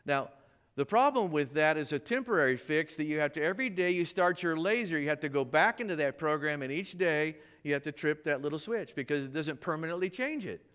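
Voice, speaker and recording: A pastor delivers a church sermon, relating a personal story and animatedly performing the voices of its characters. His voice sits on the high side and comes across as clear and resonant, with a brisk delivery.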